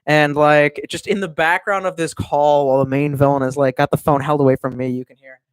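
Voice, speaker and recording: A man's voice: fairly high pitch, little pitch movement, brisk, clean tone, no room sound. Streamer, adult man, loose and profane, talks from home with a dry, close sound. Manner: rambling and profane, with many restarts. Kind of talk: casual livestream chat.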